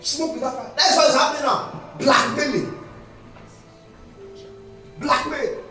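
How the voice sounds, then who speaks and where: A man preaching a sermon as pastor, emphatic, breaking into shouts and sung phrases, recorded in a church hall during a live service. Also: very high voice, fairly even intonation, a little slow. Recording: echoey hall, distant mic, faint music.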